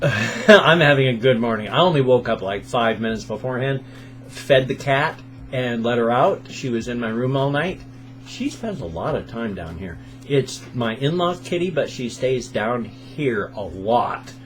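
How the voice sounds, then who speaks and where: A man in his fifties with a sore throat, chatting casually at home in a morning vlog and telling stories with animated sound effects. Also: mid-range voice, unhurried, faint music behind. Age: 50s. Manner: animated storyteller who makes sound effects. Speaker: video blogger.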